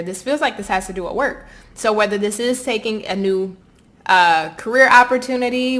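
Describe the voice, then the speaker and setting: Addressing her viewers directly, a Southern-accented woman gives a relaxed, upbeat tarot reading in a somewhat bright, medium-pitched voice.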